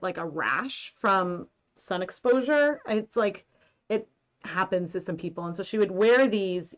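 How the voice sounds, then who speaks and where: A woman's voice: medium pitch, a bit bright. A woman in her thirties hosting a casual knitting live stream from home, talking in a rambling way with many fillers. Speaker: knitting and yarn-dyeing host.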